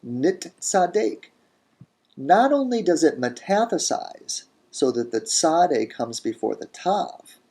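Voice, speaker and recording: A man teaching a grammar lesson in a recorded lecture, deliberate, saying each word form slowly and repeating it. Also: mid-range voice, vocal fry, a little mellow, husky. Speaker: language teacher.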